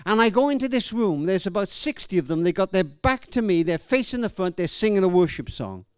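A middle-aged man preaching a sermon, telling stories and swinging between raised and hushed delivery. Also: high voice, big pitch swings, a little fast, clear, resonant tone, dry recording. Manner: storytelling, swings from loud to hushed. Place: church hall or event venue.

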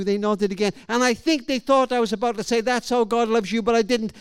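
Preacher guy, middle-aged, highish smooth voice, dry close sound, goes loud then quiet telling stories. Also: steady tone, fairly quick, hardly any pauses, dry recording. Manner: storytelling, swings from loud to hushed. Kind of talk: sermon. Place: church hall or event venue.

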